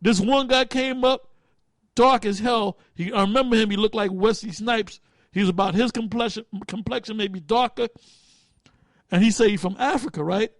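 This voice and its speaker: A man with a high, lively voice teaches a group study, preaching in blunt, profane street talk at a moderate pace. He often stalls mid-sentence searching for a word, then restarts and presses on as he thinks aloud. The sound is dry and close, with no room sound.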